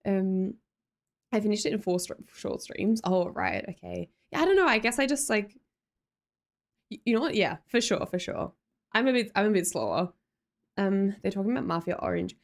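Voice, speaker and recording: A woman's voice: medium pitch, expressive, moderate pace, gravelly. A young Australian woman hosting a livestream, chatting casually with viewers and reading their comments, giggly and full of fillers and self-corrections. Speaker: livestream host.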